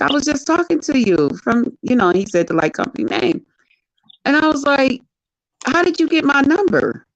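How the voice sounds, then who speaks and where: A woman guest in a casual chat, telling a story in an animated, expressive way. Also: high-pitched, moderate pace. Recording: dull lo-fi sound.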